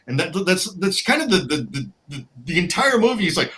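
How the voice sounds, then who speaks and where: A man's voice: on the high side, animated, fairly quick, bright, forceful tone, rough recording. A man co-hosting a podcast, chatting casually and wryly, with many restarts and fillers. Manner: wry, offhand humor. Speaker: podcast co-host. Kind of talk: casual chat.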